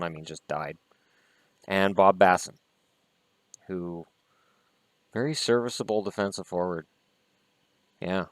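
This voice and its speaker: A man's voice: sits low, clear, resonant tone, no echo. Chatty, opinionated hockey vlogger man. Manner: chatty and opinionated, with mild swearing. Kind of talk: casual card-opening vlog chat.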